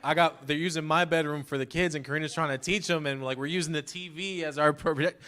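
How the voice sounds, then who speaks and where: A man's voice: on the high side, steady tone, fast talker, pushed and bright, smooth. A young man in his twenties preaching a sermon, telling a personal story in a conversational way with many fillers and moments of holding back emotion. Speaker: pastor's son preaching.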